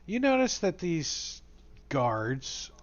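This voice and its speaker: A man's voice: on the high side, very animated, extremely slow, highs cut off. A man running a tabletop game as game master, talking casually and rambling with many fillers.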